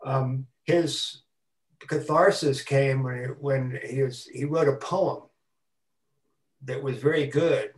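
An older man giving a talk on a video call, speaking haltingly and repeating words as he stutters. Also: medium pitch, steady tone, echoey room, distant mic. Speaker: guest speaker.

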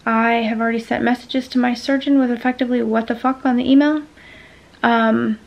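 A woman's voice: a little high, fairly even intonation, fairly quick, vocal fry, a little mellow, dull audio. A woman venting frustration in a casual talking-to-camera vlog, with lots of ums. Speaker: vlogger sharing a medical experience.

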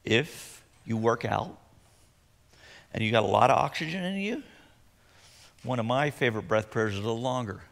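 A middle-aged man preaching a sermon as pastor in a conversational, animated way. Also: medium pitch, normal speed, gravelly, pauses often. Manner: conversational, acts out sighs and groans. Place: church sanctuary. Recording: long hall reverb.

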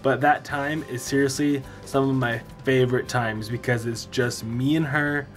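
A young man vlogs from indoors at home, chatting casually to viewers straight to camera about his evening with family and playing around with his dog and baby. His mid-range voice stays fairly even at a moderate pace, with soft music in the background.

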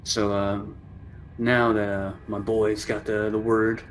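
A man's voice: fairly low pitch, level tone, takes it slowly, a little hiss or hum. Hesitant man playing a tabletop game. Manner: hesitant, full of fillers. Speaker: player. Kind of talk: casual tabletop gaming chat.

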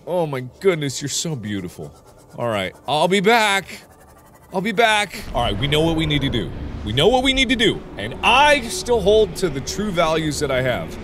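A man in his twenties hosts a let's play with excitable commentary, joking with the game's creatures, swearing a lot, and yelping when startled. His medium-pitched voice swings widely in pitch at a normal speed, with background noise present.

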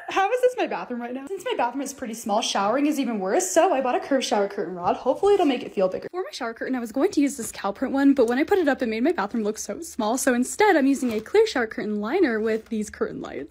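A bubbly young woman talks through her own vlog at a quick clip with a high, lively voice. She sounds upbeat and pokes fun at herself. A faint noise sits under the recording. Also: husky. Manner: bubbly, self-mocking, upbeat. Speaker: lifestyle creator. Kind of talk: voice-over vlog narration.

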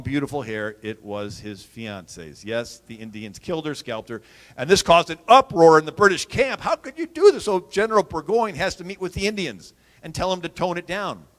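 A man telling history stories as an animated storyteller, swinging from loud to hushed and laughing at his own jokes. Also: fairly high pitch, brisk. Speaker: historian and radio host. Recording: long hall reverb.

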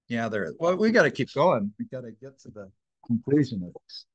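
Man, Bible study leader, conversational, loose, restarts his sentences, mid-pitched voice. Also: very animated, brisk, husky, lo-fi sound. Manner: informal, thinks aloud with fillers and restarts. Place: church.

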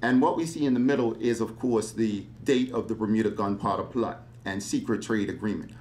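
A man giving a public history lecture, animated and fond of rhetorical questions. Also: fairly low pitch, fairly quick.

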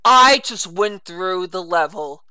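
A woman hosting her gaming channel, giving ranting gameplay commentary and swearing constantly. She swings from low mutters to screaming outbursts. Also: lively intonation, slow, pushed and bright, smooth, soft background music.

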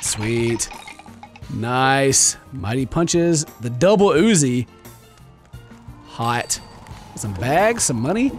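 A man hosting a let's play, commentating excitably, yelling at enemies and laughing often. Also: medium pitch, very slow, long pauses, faint music behind. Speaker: gaming video host.

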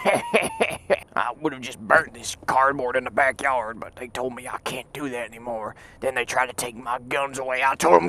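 A man riding a motorcycle and talking through a helmet mic, rambling and cursing, sometimes breaking into loud shouts. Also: medium pitch, wildly swooping pitch, a little slow, gravelly, slight background noise. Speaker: motorcycle vlogger. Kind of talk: casual ride commentary. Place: on a motorcycle outdoors. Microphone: helmet Bluetooth mic while riding.

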